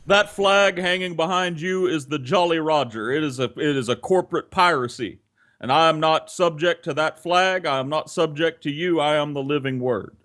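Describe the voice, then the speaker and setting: A man's voice: on the high side, moderate pace, a bit bright, lightly acted. A man voicing a grandiose, defiant self-proclaimed sovereign man in a mocking parody rant, with pompous, profane proclamations. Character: ranting self-proclaimed sovereign 'living man', defiant, grandiose adult male.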